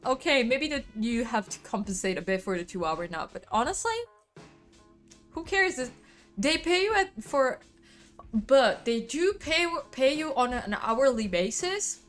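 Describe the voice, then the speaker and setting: A woman's voice: fairly high pitch, very animated, unhurried, a bit bright, faint music behind. A woman with an Italian accent, a native Italian speaker, chatting casually with her stream viewers, laughing often and swearing freely. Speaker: livestreamer.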